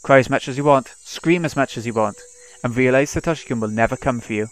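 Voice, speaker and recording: A man's voice: mid-range voice, quick pace, natural voice. A man reading the lines of a vengeful teenage girl tormenting her captive, in a cold, mocking manner, in his own voice. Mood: taunting.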